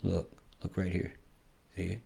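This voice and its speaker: A man's voice: deep voice, little pitch movement, a little slow, gravelly, dark tone, slightly rough. A man with a rambling, conspiratorial and profane manner, pointing out things on a screen as a weather vlogger.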